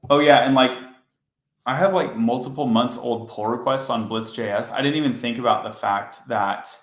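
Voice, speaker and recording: A man teaching coding on a casual live stream, talking in a sleepy monotone. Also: mid-range voice, normal speed, reverberant.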